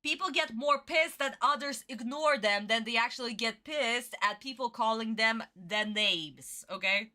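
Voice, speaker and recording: In a slightly high, bright, forceful voice, a young woman reacts to an anime episode on stream, talking a little slowly with hardly any pauses. The chat is casual yet opinionated and emphatic, with plenty of repetition.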